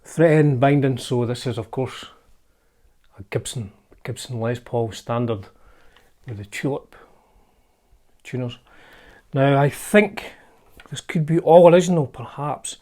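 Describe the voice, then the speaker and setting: A man's voice: medium pitch, a little slow, pauses often, warm tone. A Scottish man hosting a casual show-and-tell vlog, chatty and wry, often hedging his facts as he talks. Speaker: channel host showing his guitar collection.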